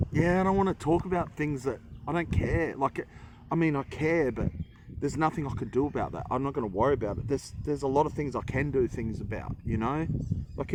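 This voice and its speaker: A man's voice: medium pitch, a little hiss or hum. A man chatting casually in a vlog, rambling and poking fun at himself while he cooks outdoors. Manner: rambling, self-mocking, jokey. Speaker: travel vlogger. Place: outdoors in a forest.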